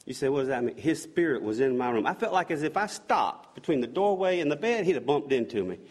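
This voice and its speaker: A man giving an earnest spoken faith testimony, halting and restarting his words and often dropping to a soft hush. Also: a little high, big pitch swings. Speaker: speaker giving a personal testimony.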